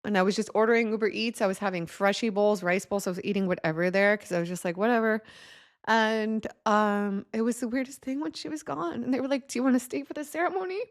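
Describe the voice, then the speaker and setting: A woman's voice: mid-range voice, a little fast, no echo. Chatty woman vlogger, dry close sound. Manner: casual, rambling, with loose swearing. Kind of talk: emotional personal story to camera.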